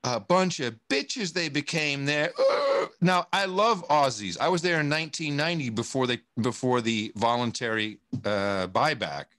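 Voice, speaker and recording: A man on a podcast, talking in a rambling, animated and profane way, restarting his sentences often. His voice sits at an ordinary middle pitch. The sound is dry and close, with no room echo. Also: normal speed, few pauses. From United States. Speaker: guest. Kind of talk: casual podcast conversation.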